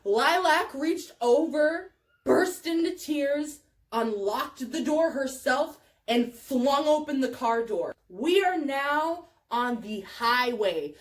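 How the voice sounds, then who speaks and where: A young woman telling a wild personal story in a profane, animated vlog style. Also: sits high, slow, hardly any pauses. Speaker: vlogger.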